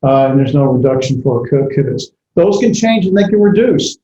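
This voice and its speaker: Halting man teaching a class. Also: mid-range voice, lively intonation, dark tone, a little hiss or hum. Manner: halting, many fillers and self-corrections. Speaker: Bible language teacher. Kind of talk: classroom lecture. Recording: echoey classroom, dull lo-fi audio.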